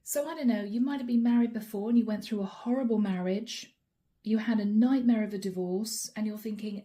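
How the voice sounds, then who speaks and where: 温暖柔和、爱笑的塔罗女占卜师. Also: female voice, mid-range voice, measured pace, long pauses, warm tone. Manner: chatty, laughs often, voices the listener's inner thoughts. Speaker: tarot reader. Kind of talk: channeled tarot reading to camera.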